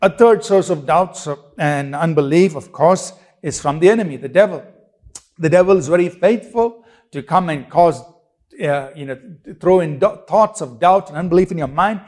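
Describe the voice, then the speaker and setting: Emphatic preaching man, higher-pitched. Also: normal speed, a little mellow. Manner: emphatic, repetitive preaching with rhetorical questions and restarts. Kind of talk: sermon.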